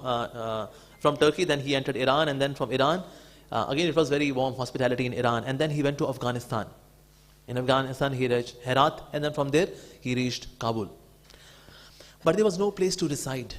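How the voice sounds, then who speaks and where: A man giving a devotional storytelling talk, animated and acting out the people in it. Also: on the high side. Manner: animated, acts out quotes. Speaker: devotee speaker.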